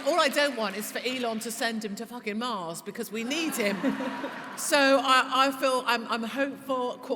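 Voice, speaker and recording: A woman talking as a podcast guest before a live audience, impassioned and swearing, laughing, and rising to shouts. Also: a little high. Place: large church hall before a live audience. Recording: echoey hall with audience noise.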